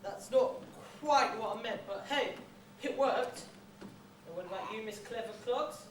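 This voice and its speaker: A woman playing a teasing office boss, brisk and joking, on an amateur stage. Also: fairly high pitch, lightly acted. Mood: amused. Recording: echoey hall miked from far, noisy.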